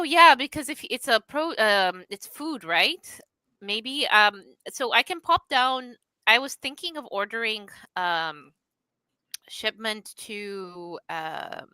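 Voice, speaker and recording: A woman's voice: on the high side, bright, forceful tone, clean tone, no echo. A Canadian woman ranting in casual podcast chat, swearing freely.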